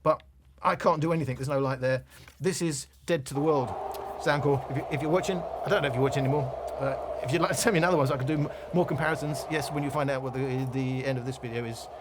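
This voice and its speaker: A tech reviewer from London with a broad Cockney accent and slightly raised pitch goes over a gadget in a casual, blunt manner. Chatty and digressive, he wanders into tangents before returning to the product, with a noisy background behind him.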